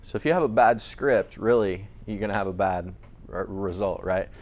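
A man's voice: sits low, normal speed, darkish tone. A man presenting at a conference, talking conversationally with frequent restarts. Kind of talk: conference talk.

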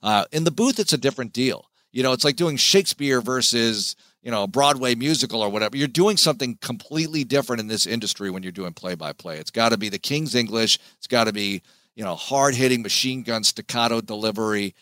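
Animated announcer man, dry sound. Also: medium pitch, a little fast, no echo. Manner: animated, emphatic storyteller. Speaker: team play-by-play announcer. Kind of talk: podcast interview guest.

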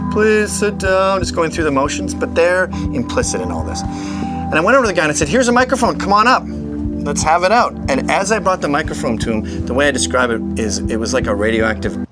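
Man, higher voice, lively storyteller, mimics voices, loud music bed. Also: fast. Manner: expressive, acts out voices and sounds. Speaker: speaker recounting a campus event. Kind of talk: animated storytelling.

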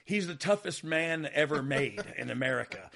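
A man with a gravelly, bright voice tells stories on his podcast in a loose, casual way. He laughs often, restarts his sentences and acts out what people said. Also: a little high, animated, moderate pace. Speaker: podcast host, former wrestler. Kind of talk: casual storytelling chat.

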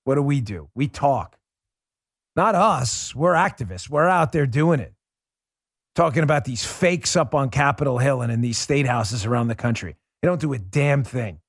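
A man hosting a political commentary show, ranting with heated scorn and dropping at times to a low, quieter mutter. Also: no room sound, studio quality. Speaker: host.

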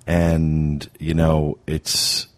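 A man hosting a podcast, speaking in a halting way full of fillers and restarts. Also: very deep voice, completely flat delivery. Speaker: podcast host. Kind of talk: casual podcast talk.

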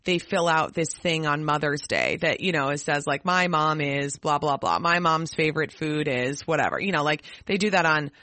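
A woman co-hosting a parenting podcast, chatting in a lively, casual way with lots of "like"s and quick laughs. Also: deep voice, no room sound. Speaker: podcast co-host.

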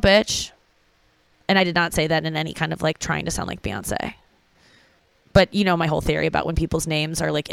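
A woman's voice: on the low side, clean tone, dry recording. A young adult woman, a stand-up comedian, hosting a casual solo podcast in a rambling, profane, self-interrupting way.

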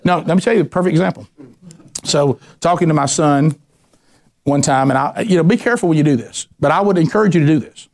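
A middle-aged man preaches, his voice sitting a little higher than most men's. He tells family stories in a lively, animated way and slips into the voices of the people in them. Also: fast, vocal fry. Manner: animated storyteller, acts out voices, ranting bursts. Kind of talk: sermon with personal stories.

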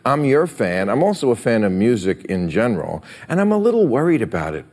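A man's voice: medium pitch, big pitch swings, brisk, a little mellow. A man hosting a late-night show, delivering a punchy comic monologue and laughing at his own jokes, in a television studio with a live audience. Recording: studio audience and room noise.

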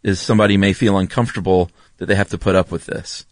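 A man co-hosting a podcast, relaxed and rambling as he explains things. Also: sits low, fast, dry recording. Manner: relaxed, rambling, lots of ums and asides. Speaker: podcast co-host. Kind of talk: casual chat.

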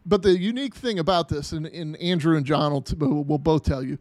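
A man's voice: fairly high pitch, fairly quick, a little mellow, no room sound. A man hosting a podcast in casual chat, rambling with many restarts and fillers. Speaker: podcast host.

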